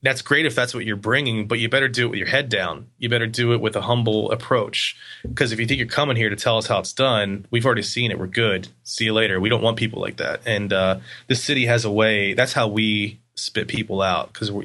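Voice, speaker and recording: A man in a casual interview, telling stories in a rambling, animated way with lots of fillers. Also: fairly low pitch, quick pace. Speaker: agency guest.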